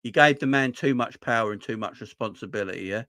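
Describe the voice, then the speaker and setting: A man's voice: mid-range voice, fast talker, a bit bright, dry recording, studio quality. A young man with a London accent chatting casually on his fan channel, speaking emphatically and repeating points, with rhetorical questions to his viewers. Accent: Southern English (London). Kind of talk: casual livestream chat.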